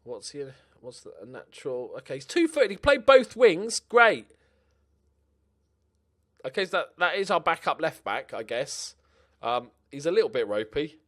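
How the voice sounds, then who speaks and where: A young man giving casual, animated commentary on his own game play, muttering to himself and swearing now and then. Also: on the high side, moderate pace. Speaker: gaming commentator.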